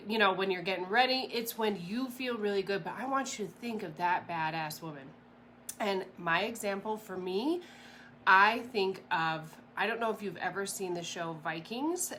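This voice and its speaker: A mindset coach gives a casual motivational talk, chatty and animated, rambling with fillers and quick laughs. Her voice is medium-pitched, and there's a little hiss or hum on the recording.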